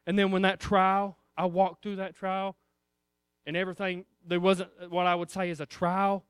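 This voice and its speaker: A man's voice: high-pitched, flat delivery, moderate pace, clean tone, no room sound, studio quality. A man preaching a sermon, emphatic and repetitive, acting out little voices as he goes.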